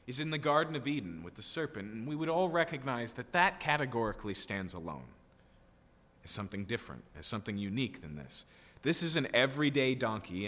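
A man's voice: mid-range voice, pushed and bright. Emphatic male preacher in a reverberant hall. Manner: emphatic, with rhetorical questions and frequent "okay?" tags. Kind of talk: expository sermon.

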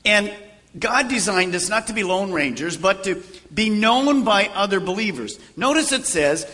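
Older man, pastor, sermon, lively swooping pitch, bright tone, acts out conversations. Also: moderate pace. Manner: animated preacher acting out conversations, shifting from loud to hushed.

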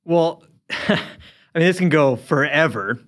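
A man on a casual studio podcast, earnest and opinionated, thinking out loud as he talks. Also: on the high side, animated, unhurried. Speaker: podcast co-host. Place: recording studio.

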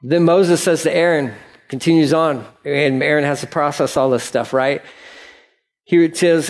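A man teaching the Bible in a relaxed, conversational way, often saying "like" as he reads scripture aloud and retells it. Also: a little high, moderate pace.

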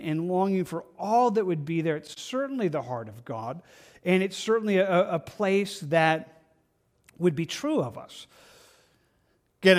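Earnest man preaching, pitched a bit high. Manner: earnest, halting, repeats words and restarts often. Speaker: pastor. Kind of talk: sermon.

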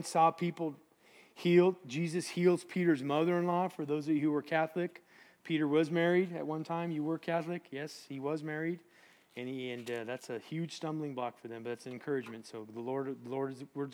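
A middle-aged man preaching a casual, jokey sermon, acting out voices from the Bible. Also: on the high side. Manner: animated, jokey, acts out biblical voices.

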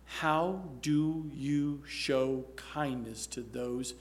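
Gravelly, earnest male preacher. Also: medium pitch, a little slow, fairly bright tone. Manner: earnest, exhorting, with restarts. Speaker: pastor. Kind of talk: sermon.

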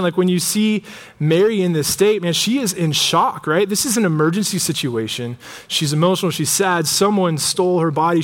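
A young adult man giving a casual, joking sermon, telling a personal story with lots of filler words. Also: fairly high pitch. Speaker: pastor. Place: church.

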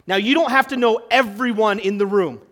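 A pastor preaching to his church in a conversational way, asking the room questions and swinging between loud emphasis and quiet, hushed lines. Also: sits high, a little fast. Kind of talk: sermon.

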